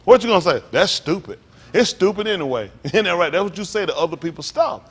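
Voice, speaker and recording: A pastor preaching a sermon, reading scripture aloud slowly and commenting between verses, calling out to the congregation. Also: male voice, sits high, lively intonation, husky. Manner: call-and-response preaching, rising to emphatic exclaims.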